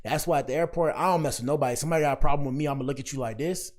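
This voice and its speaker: A man's voice: on the high side, racing, darkish tone. Slangy podcast host man, preachy. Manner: slangy, preachy, repeats himself. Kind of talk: casual commentary monologue.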